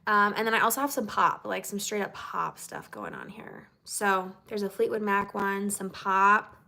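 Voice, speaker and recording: A woman's voice: mid-range voice, animated, normal speed, creaky, bright, forceful tone. A woman singer-songwriter chatting casually with her fans on a livestream, bubbly and chatty, with lots of "like" and "okay?".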